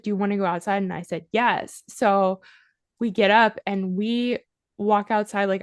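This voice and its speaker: A woman telling a story as a podcast guest, chatty and animated, with "like" in nearly every line. Her voice sits in a middle range. The sound is dry and close, with no room echo. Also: medium pitch. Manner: animated storyteller, heavy use of "like". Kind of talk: casual storytelling interview.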